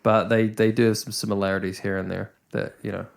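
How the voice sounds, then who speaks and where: A man's voice: on the low side, flat delivery, fast talker, gravelly. A young man hosting a casual podcast chat, rambling with lots of restarts and the odd swear word. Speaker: podcast host.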